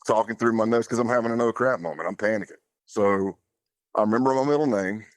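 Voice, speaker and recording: This podcast guest has a fairly low voice and talks fast, with no room sound on the recording. His storytelling is conversational and unpolished, sprinkled with everyday filler words.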